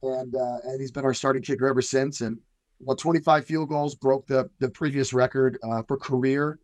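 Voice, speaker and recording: A man's voice: mid-range voice, steady tone, moderate pace, no echo. A middle-aged man, a football coach, talking earnestly in a casual radio interview with many fillers and restarts.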